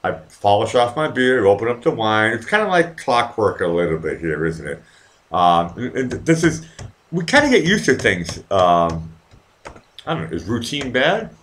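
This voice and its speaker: Low-voiced guy rambling on his live stream, cussing, voice bouncing all over. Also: very animated, moderate pace, a bit bright. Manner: rambling, profane, talks to the chat. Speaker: host of a live online show. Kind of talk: casual live-stream chat.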